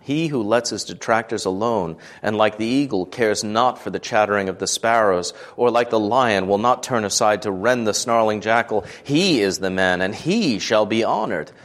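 A man giving a scripted devotional reading, measured and earnest, lifting his voice for quoted speech. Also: fairly low pitch, animated, a bit bright. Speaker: devotional reader.

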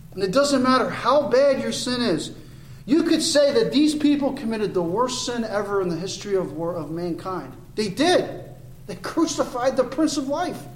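A man with a high voice preaches a verse-by-verse sermon, earnest and rising to emphatic points. His voice rings around an echoey church sanctuary, with faint room ambience behind it. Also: a little hiss or hum. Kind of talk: expository sermon.

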